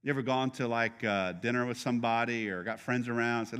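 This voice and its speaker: A man's voice: medium pitch, steady tone, fast, fairly bright tone, clean tone, big-room sound. A middle-aged male pastor preaching a sermon in a conversational, joking way, teasing his congregation.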